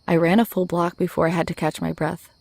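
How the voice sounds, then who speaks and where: This horror story comes from a woman speaking a little fast, her voice low, flat, and gravelly. She reads steadily from a script, recorded close and dry without any room sound.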